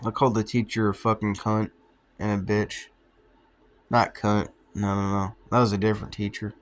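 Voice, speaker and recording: A man's voice: fairly low pitch, flat delivery, moderate pace. A young man telling childhood stories in a loose, rambling, profane way, often laughing at himself. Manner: profane, offhand, laughs at his own stories. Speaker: vlogger. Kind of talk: rambling casual storytelling.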